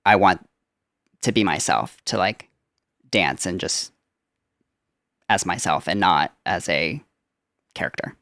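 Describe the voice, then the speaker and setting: Young male podcast guest, low and resonant, casual and rambling, dry close mic. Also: takes it slowly, long pauses, fairly bright tone, no room sound. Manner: chatty, lots of filler "like". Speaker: guest, Disney character performer.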